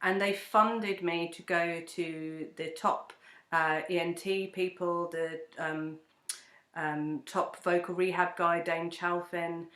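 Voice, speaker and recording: A woman, a breathwork teacher and singer-songwriter, telling her story in a lively conversational interview and acting out quoted voices. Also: fairly low pitch, takes it slowly, reverberant.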